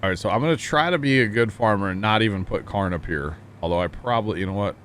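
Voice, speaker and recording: A man's voice: fairly low pitch, fast talker, a bit bright, slight background noise. A man streaming a farming game, chatting casually and joking with his chat. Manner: chatty, jokey, reading chat aloud.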